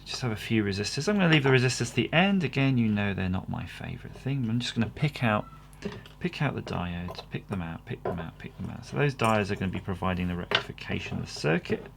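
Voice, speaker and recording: A man's voice: fairly low pitch, expressive, fast talker, creaky, background noise. A man hosting his own channel, assembling an electronics kit while chatting casually and poking fun at himself. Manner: rambling and self-deprecating. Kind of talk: casual workbench commentary.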